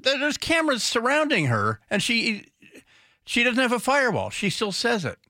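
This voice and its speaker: A man's voice: very high-pitched, huge pitch swings, moderate pace, bright, forceful tone. A man hosting a talk radio show, rambling commentary with sarcastic, mocking asides into a studio microphone.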